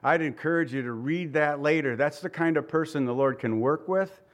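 A man preaching to his congregation with a fairly high voice, speaking earnestly and conversationally. He sounds worn out and close to tears, laughing between his points as he presses his listeners. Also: moderate pace. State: tired and near tears. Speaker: pastor. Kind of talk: sermon.

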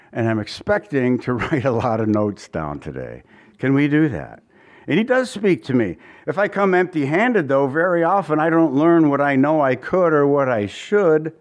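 A man preaching a sermon in a conversational way, often asking his listeners questions and chuckling between points. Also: a little high. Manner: restarts often, chuckles now and then. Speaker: pastor.

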